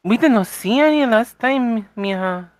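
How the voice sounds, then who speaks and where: A woman's voice: on the high side, lively intonation, normal speed, no room sound, lightly acted. A woman voicing a teasing, formal Spanish woman at a night court, with a Spanish accent and slightly broken phrasing. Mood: courteous. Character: warm, teasing Spanish woman, old-world vampire courtier.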